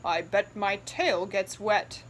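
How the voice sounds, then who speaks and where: A woman's voice: mid-range voice, takes it slowly, slight background noise, pitched below the performer's own voice, lightly acted. A woman voicing a father pig in a picture book, in a mock-gloomy manner. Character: grumbling father pig, adult male.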